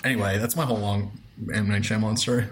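A man in his thirties, a film director guest on a podcast, telling a story in a loose, animated way full of "like" fillers. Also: fairly low pitch, fast talker, noisy background.

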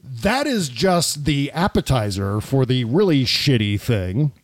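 A man's voice: mid-range voice, very animated, a little slow, dry recording. Male podcast host, casual political talk, blunt and salty, plenty of "uh"s, dry close sound. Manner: blunt, profane, with frequent filler "uh".

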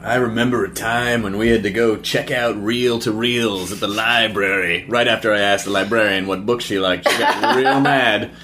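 A man's voice: fairly low pitch, steady tone, normal speed, hardly any pauses, sharp tone, slight background noise. A man hosting a podcast in casual chat, dry and teasing, with jokey asides. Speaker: podcast host.

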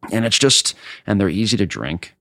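A man's voice: lowish voice, very animated, normal speed, vocal fry, pushed and bright, no echo, studio quality. A man who imports wine, speaking in an interview in a passionate, emphatic and combative way. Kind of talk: interview answer.

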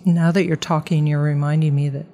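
A woman's voice: low voice, flat delivery, fairly quick, warm tone. A woman cohosting a political commentary chat, mostly answering with brief agreement and a laugh.

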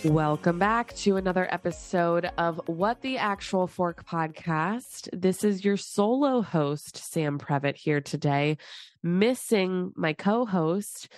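A low-voiced woman hosts her podcast with a stuffy, congested nose from a cold. She rambles along in a chatty, casual way with quick asides. The sound is dry and close. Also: animated, no echo, faint music behind. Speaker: podcast host. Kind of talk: casual solo podcast chat.

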